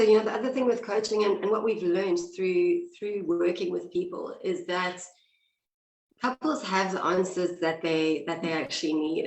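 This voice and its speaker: Woman, husky flu voice, direct chatty coach, echoey room, video call. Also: lowish voice, a little hiss or hum. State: hoarse with flu. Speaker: couples coach. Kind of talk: online interview.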